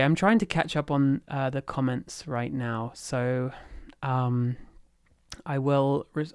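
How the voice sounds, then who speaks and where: Livestream host. Rambling and self-interrupting, with a smooth voice and a dry recording. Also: medium pitch, no room sound. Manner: rambling and easily sidetracked; thinks aloud with many fillers and restarts. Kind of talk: casual lore chat on a livestream.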